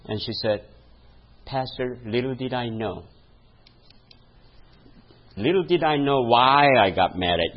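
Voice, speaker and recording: A man's voice: mid-range voice, highs cut off. A male pastor preaching a sermon, telling a story and laughing at his own stories, calling out to the congregation for a response. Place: church.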